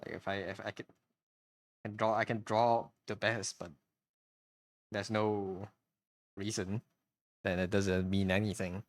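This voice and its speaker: A man's voice: lowish voice, flat delivery, a little slow, long pauses, no room sound. A man streaming live while he draws, talking casually in a hesitant, rambling way, full of restarts and repeated words. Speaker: streamer and artist.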